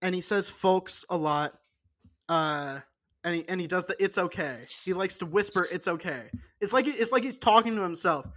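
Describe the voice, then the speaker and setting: High-pitched guy rambling and joking on a podcast, lots of restarts. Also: normal speed, fairly bright tone. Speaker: podcast co-host. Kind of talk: casual chat.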